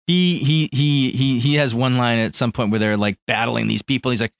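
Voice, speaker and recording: A man's voice: medium pitch, moderate pace, vocal fry, dry recording. Man in casual podcast chat, dry mic. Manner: animated, chuckles, acts out quotes. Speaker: podcast co-host.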